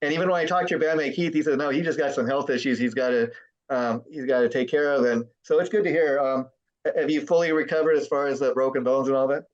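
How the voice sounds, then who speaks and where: A man hosting a casual interview, agreeable and quick to chime in with yeahs. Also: mid-range voice, fairly even intonation, highs cut off. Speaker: interview host.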